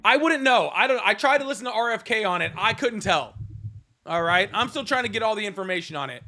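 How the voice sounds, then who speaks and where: High-pitched guy ranting on his call-in stream, sarcastic and mocking, swears a lot. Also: animated, quick pace, pushed and bright. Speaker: host of a live call-in debate stream. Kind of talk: casual livestream rant.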